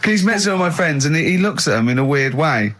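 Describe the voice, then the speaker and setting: A man hosting a radio chat show, telling stories animatedly and laughing often. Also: fairly high pitch. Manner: animated storyteller, quick to laugh. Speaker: radio host. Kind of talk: casual radio studio chat. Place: radio studio.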